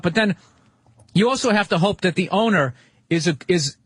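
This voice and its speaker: A man on a radio talk show, ranting emphatically about dogs with constant swearing and sudden squeaky impressions of other people. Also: expressive, normal speed, a bit bright, breathy edge, no echo. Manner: acts out quoted voices in sudden high squeaks. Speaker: comedian guest. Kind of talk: casual radio banter.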